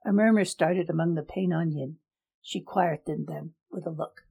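A woman narrating a story in a steady, even reading. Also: sits low, normal speed, vocal fry, husky, narrow, tinny audio.

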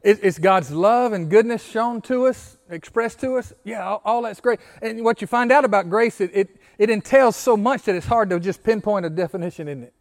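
A man's voice: high-pitched, normal speed, few pauses. A male pastor giving an interactive sermon, often asking the congregation questions, repeating key phrases and stammering through restarts.

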